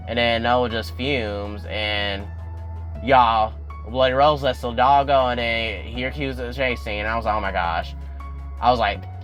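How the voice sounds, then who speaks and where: A young man casually recapping a TV episode, addressing viewers directly and getting animated as he goes. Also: moderate pace, soft background music. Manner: animated, addresses viewers as y'all, swings up in pitch when excited. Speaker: YouTube recap host.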